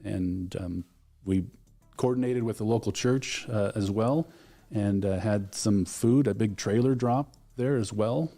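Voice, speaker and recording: Man, low voice, dark mellow tone, interview guest, earnest storyteller. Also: unhurried, faint music behind. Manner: earnest, retells stories with quoted dialogue. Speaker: alumni relations director.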